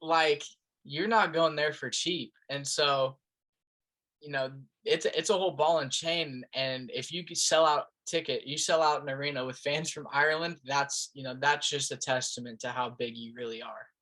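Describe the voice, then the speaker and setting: A man's voice: on the high side, normal speed, sharp tone. A young man from Las Vegas hosting a casual podcast interview, easygoing and agreeable, often chiming in with short affirmations. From Las Vegas, United States. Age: young adult. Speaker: podcast host.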